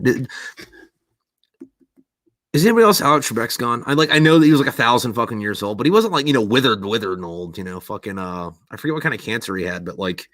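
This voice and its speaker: Man, podcast host, solo livestream chatter, profane rambling, bright edgy tone, dry close sound. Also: lowish voice, dry recording. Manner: rambling, heavily profane, swears constantly; gets loud and ranting when worked up. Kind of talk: casual livestream chat.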